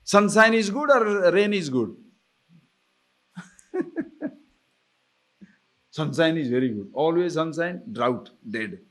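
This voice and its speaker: A man teaching scripture in a lively, animated way. He laughs often and keeps asking his listeners whether they follow. His voice sits fairly high for a man. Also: slow, pauses often. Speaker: spiritual teacher. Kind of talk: scripture discourse.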